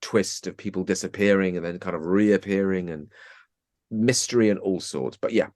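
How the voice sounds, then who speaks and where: A man with a very low voice talking as a podcast guest. He is chatty and self-mocking. The recording is dry and close to the mic. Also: moderate pace, a little mellow, no room sound. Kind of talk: casual chat.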